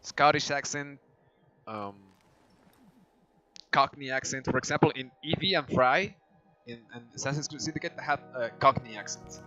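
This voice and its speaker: A man with a heavy Spanish accent chats casually while he streams a game, and he thinks aloud with restarts along the way. His voice sits at an average pitch. Game music plays clearly behind him. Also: normal speed, long pauses, bright, forceful tone, highs cut off. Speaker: gaming streamer. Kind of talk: casual gameplay chat.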